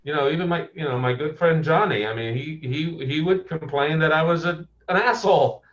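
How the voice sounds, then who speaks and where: A man's voice: a little high, brisk, close to an everyday voice. A man playing a blunt, proudly abrasive male tech visionary who talks in an emphatic, combative way and swears freely. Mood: defiant. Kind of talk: comedic impression interview. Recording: muffled lo-fi audio.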